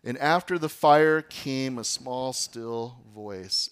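A man preaching a sermon as pastor, swinging from loud declamation to hushed whispers. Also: mid-range voice, slow, hardly any pauses, clear, resonant tone.

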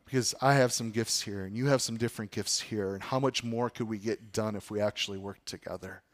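A man's voice: on the low side, steady tone, a little fast. A man preaching a casual, conversational sermon to his congregation, often asking them questions and laughing at himself. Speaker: pastor.

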